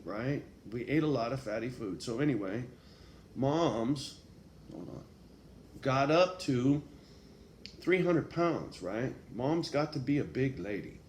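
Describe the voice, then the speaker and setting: A man telling a personal story in a casual, profane way, full of street slang and tag questions. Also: mid-range voice. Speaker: vlogger. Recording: echoey room with faint background noise.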